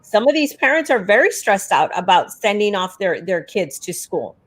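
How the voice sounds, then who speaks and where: A woman co-hosts a casual livestream for an educators' union, sounding exasperated and openly sarcastic. Her medium-pitched voice is very animated, moving at a normal speed.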